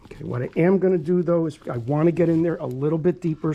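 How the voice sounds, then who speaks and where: Speaking quickly with hardly any pauses, a dog groomer whose voice is on the high side guides viewers through a hands-on demo. He's earnest and repetitive, with soft reassurances for the dog, and there's a little hiss or hum in the audio.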